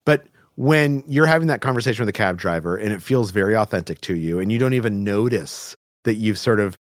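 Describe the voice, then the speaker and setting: Animated man explaining communication research. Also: lowish voice, fairly quick, dry recording, clean studio sound. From Albuquerque, New Mexico, US. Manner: explanatory, animated, frequent "right?" and "like". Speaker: guest expert on communication. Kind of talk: conversational interview.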